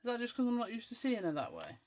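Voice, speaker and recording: A woman's voice: fairly high pitch, wildly swooping pitch, quick pace, darkish tone. A woman in her forties from the west of Scotland, with an English accent that keeps a faint Scottish twang. She hosts a crafting show and chats in a rambling way, full of ums, as she works. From west coast of Scotland. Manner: chatty, rambling, with frequent ums. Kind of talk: casual chat while crafting.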